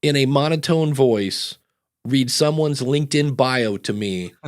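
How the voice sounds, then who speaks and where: A man's voice: mid-range voice, unhurried. A man hosting a podcast, reading out chat comments and chatting casually with many fillers. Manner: loose and rambling, many fillers. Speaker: podcast host.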